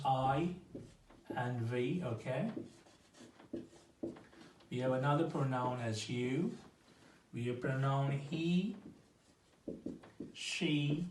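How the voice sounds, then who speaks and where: A man teaching an informal English grammar lesson, explaining slowly and repeating himself, checking in with "okay?" after nearly every phrase. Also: mid-range voice, recorded from a distance, a little hiss or hum. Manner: slow, repetitive explaining with restarts. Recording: echoey room, voice off-mic.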